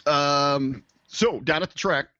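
A man's voice: a little high, slow, bright, forceful tone, dry recording, dull audio. A man co-hosting a podcast, telling stories in casual chat with many fillers and restarts. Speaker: podcast co-host.

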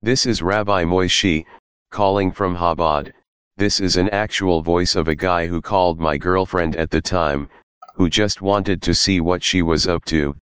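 A man's voice: sits low, steady tone, unhurried, a bit bright, clean tone, dry recording. A man on a podcast in casual chat, wry and mock-serious. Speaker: podcast co-host.

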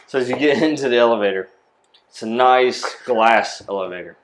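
A man narrating a tabletop role-playing game as game master, describing scenes in a relaxed way with fillers. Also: mid-range voice, a little fast, slight background noise.

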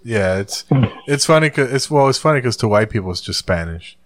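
A man's voice: medium pitch, expressive, fairly quick, a bit bright, no echo. A man from Puerto Rico in casual chat, loose and profane. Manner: loose, swearing, laughs often.

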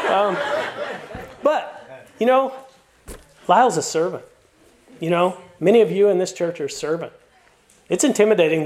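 Male pastor, middle-aged, high pitch; sermon with warm stories and strong calls to finish well. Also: a little hiss or hum. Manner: storytelling with playful asides; earnest, encouraging exhortation.

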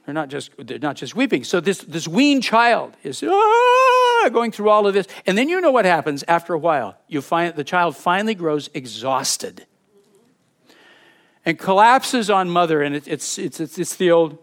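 A male pastor preaching a sermon in an emphatic, expressive way, reading scripture aloud to his congregation. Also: a little high, normal speed.

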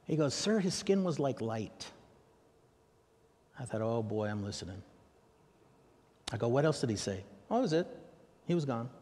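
American male preacher, mid-pitched, lively storyteller, big echoing hall. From United States. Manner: animated, acts out dialogue with raised pitch for questions. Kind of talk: sermon storytelling. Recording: long reverb of a large hall.

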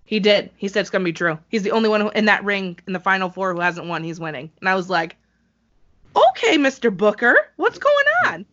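Bright, excitable woman co-host. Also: mid-range voice, fast, highs cut off. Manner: excitable, laughs often, animated asides. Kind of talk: casual wrestling chat.

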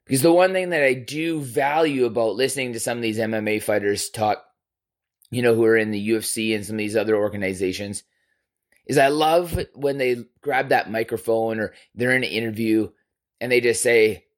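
Animated, profane man telling a story. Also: medium pitch, brisk. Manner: animated, profane, swings between loud bursts and quiet asides. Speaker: podcast host. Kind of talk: casual storytelling.

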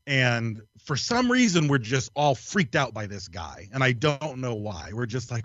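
A man tells a story with a guest's loose energy, swearing freely and laughing along with himself. His voice sits at a middling pitch. The recording is dry and a little dull. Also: moderate pace, few pauses, no echo. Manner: animated, profane, laughs through his story. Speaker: podcast guest. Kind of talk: casual storytelling.

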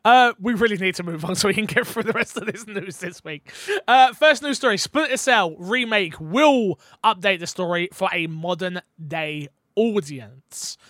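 A man hosting a casual gaming podcast, telling animated stories and slipping into impressions. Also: sits high, normal speed, few pauses, no room sound, studio quality. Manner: animated storyteller, slips into impressions. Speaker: podcast host.

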